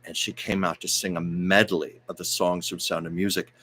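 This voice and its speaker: A man's voice: sits low, level tone, normal speed, bright, forceful tone, slightly rough. A man hosting a casual livestream, telling stories in a chatty, rambling way and reading viewer comments aloud. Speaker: host of a livestream show.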